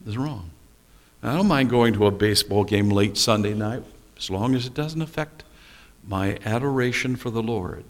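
A man's voice: lowish voice, normal speed. A male pastor preaching a sermon, telling stories and asking rhetorical questions with small humorous asides.

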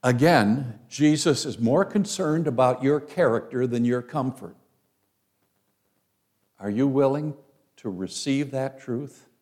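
A male preacher delivering a sermon, dramatically acting out the voices of the people in his story, swinging from loud cries down to hushed words. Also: medium pitch, takes it slowly, pauses often.

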